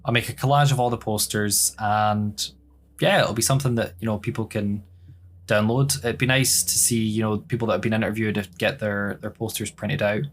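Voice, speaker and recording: A young Scottish man, the show's regular host, now answering questions in a candid, casual chat, laughing often and filling pauses with "um". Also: lowish voice, steady tone, slight background noise. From Scotland. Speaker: podcast host being interviewed.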